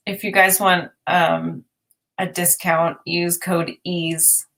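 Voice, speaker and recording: A woman coach speaking casually on a live video call, relaxed as she offers a discount to viewers. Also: fairly low pitch, slow, vocal fry. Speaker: intuitive life coach.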